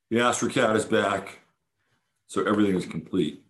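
A man's voice: on the low side, moderate pace, fairly bright tone. A man hosting a podcast, chatting enthusiastically about a weekend event in a casual monologue full of fillers and restarts. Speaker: podcast host.

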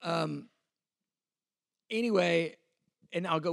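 A man's voice: fairly high pitch, normal speed, dry recording, studio quality. A man in his fifties, a pastor, teaching a sermon in a conversational, self-deprecating way, acting out the exchanges he quotes.

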